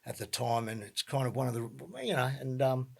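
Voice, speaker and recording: A man's voice: medium pitch, level tone, fairly quick, gravelly, a little mellow. A middle-aged man with an Australian accent, telling his life story as a podcast guest in a loose, rambling way full of fillers and repeats. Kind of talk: casual storytelling.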